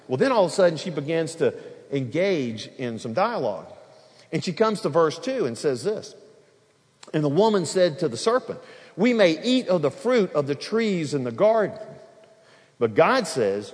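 A man preaching an expository sermon, acting out dialogue and swinging between loud and soft. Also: a little high. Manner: animated, acts out dialogue, varies loudness. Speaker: pastor. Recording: long hall reverb.

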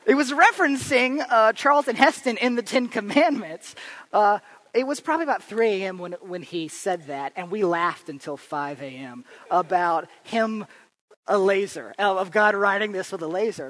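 A man's voice: sits high, lively intonation, normal speed, fairly bright tone, no room sound, rough recording. A man giving an informal church talk, telling chatty, humorous stories with frequent fillers and restarts. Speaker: church speaker and improv teacher.

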